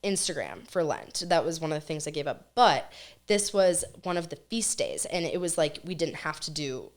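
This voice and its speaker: A young adult woman, a college student guest, telling a story in a casual, animated chat and acting out quotes as she goes. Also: sits low, moderate pace.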